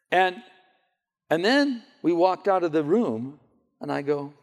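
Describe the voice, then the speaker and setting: A man preaching a sermon to a church gathering, telling stories in an animated way and often repeating his words as he goes. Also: a little high, slow, long pauses. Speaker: pastor. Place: church hall. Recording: long hall reverb.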